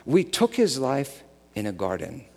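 A middle-aged man from the United States preaching a sermon, telling stories and swinging between loud excitement and a soft hush. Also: medium pitch, a little slow. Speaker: pastor. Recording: long hall reverb.

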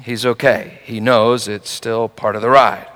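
A man preaching a sermon through a personal story, told in an animated way that swings from hushed and soft to shouting. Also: mid-range voice, a little slow, in a large hall.

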